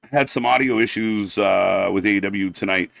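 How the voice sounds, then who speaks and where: A man's voice: fairly low pitch, moderate pace, gravelly, a bit bright, dry recording. A man hosting a wrestling watch-party stream, ranting in sarcastic, heavily profane live commentary. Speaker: watch-party livestream host.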